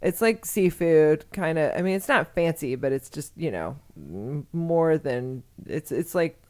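A low-voiced woman from Texas chatting as a podcast co-host. She rambles and exclaims, and she swears casually as she goes. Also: animated, measured pace, darkish tone. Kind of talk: casual chat.

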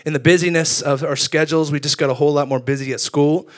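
A young man preaching a sermon, telling funny stories about himself with lively energy. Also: on the high side, fast talker. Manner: animated storytelling with self-deprecating humor. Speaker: youth pastor.

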